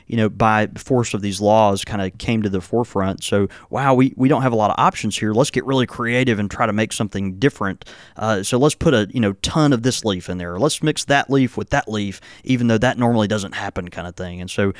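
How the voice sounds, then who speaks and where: A man's voice: lowish voice, dry recording, clean studio sound. A man hosting a casual podcast, explaining at length with frequent fillers and restarts, and chuckling often. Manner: halting, many fillers and restarts. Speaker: podcast host.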